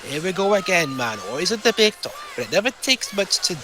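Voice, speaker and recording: A man's voice: high voice, sing-song, fast, sharp tone, exaggerated voice. A man voicing a boastful, swearing army general in a put-on Scottish accent, in a fan-voiced game playthrough. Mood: blustering. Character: blustering brutish male army general, sore loser.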